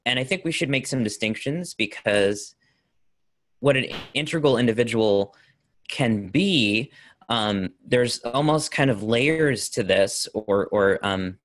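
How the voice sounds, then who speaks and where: A man's voice: mid-range voice, a little slow, no echo. Man speaking thoughtfully in a group chat. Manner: thoughtful, with many fillers and restarts. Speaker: discussion participant. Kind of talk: casual group discussion.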